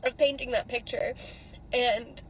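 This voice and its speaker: High-voiced tearful woman vlogging outdoors. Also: steady tone, a little slow, slight background noise, poor audio. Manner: emotional, rambling, swearing, tearful. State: crying. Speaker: social media creator. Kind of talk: casual vlog reaction. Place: outdoors near a theater.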